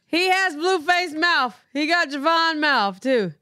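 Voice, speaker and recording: A woman hosting a live reaction stream, excitable, squealing and laughing often. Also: sits high, unhurried, no echo. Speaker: reaction livestream host.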